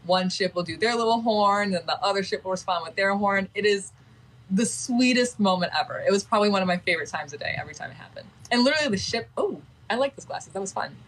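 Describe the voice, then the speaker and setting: A woman's voice: mid-range voice, quick pace, fairly bright tone, poor audio. A woman chatting casually on a livestream, talking in a gushing, sentimental way.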